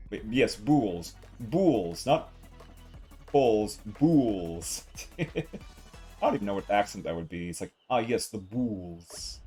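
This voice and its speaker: A man streams a game and talks to his chat in a relaxed, joking way, poking fun at himself. His voice sits low but jumps around with lively pitch. Soft game music plays underneath. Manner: playful, self-mocking chatter to chat. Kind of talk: casual live gameplay commentary.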